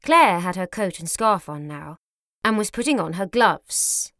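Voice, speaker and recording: A woman narrating an audiobook in a measured, clear storytelling manner. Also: fairly low pitch, expressive, a bit bright, no echo, studio quality.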